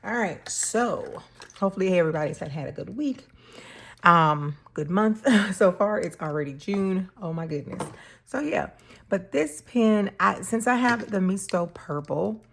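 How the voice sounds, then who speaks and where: Slow and relaxed, a woman chats casually through an unboxing and pen demo on her stationery channel, laughing softly. Her voice is medium in pitch with vocal fry, and there's a little hiss or hum.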